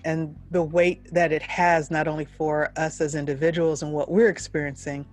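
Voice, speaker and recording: A woman's voice: low-pitched, flat delivery, moderate pace, darkish tone. A woman who leads a university, speaking in an earnest, reflective way during a heartfelt panel discussion. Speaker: university leader.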